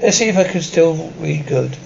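A man reading a film's dialogue and sound cues aloud in one plain, even voice. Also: fairly high pitch, normal speed, creaky, distant mic, highs cut off, slight background noise.

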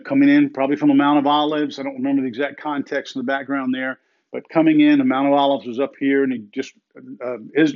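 A middle-aged man preaching a sermon in an earnest way, slowing down and repeating phrases for emphasis. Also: mid-range voice, a little mellow, muffled recording. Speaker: pastor.

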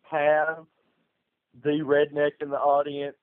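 A man's voice: on the high side, completely flat delivery, slow, smooth. A man co-hosting a podcast, trading wry, laid-back banter in a casual chat. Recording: tinny phone-like sound.

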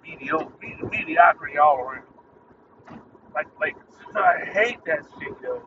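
A man's voice: fairly high pitch, lively intonation, moderate pace, pushed and bright, recorded from a distance, lo-fi sound, slight background noise. A man hosting his own podcast, ranting in a rambling, irritated, profane way. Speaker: podcast host. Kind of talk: casual solo rant.

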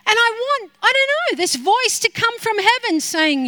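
A middle-aged woman pastor preaching a sermon, animated, acting out her own prayers to God. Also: very high voice, normal speed, hardly any pauses.

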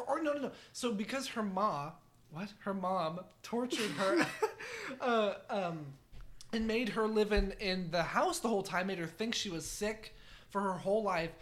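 A man's voice: sits high, a bit bright. A man co-hosting a podcast, telling a crude story in casual chat, often giggling and rambling. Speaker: podcast co-host.

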